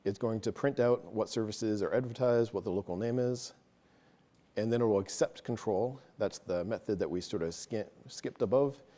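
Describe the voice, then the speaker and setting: A man's voice: fairly low pitch, normal speed, mellow. A man presenting at a tech meetup, casually walking an audience through code step by step, with self-deprecating asides. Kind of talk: live technical walkthrough of code.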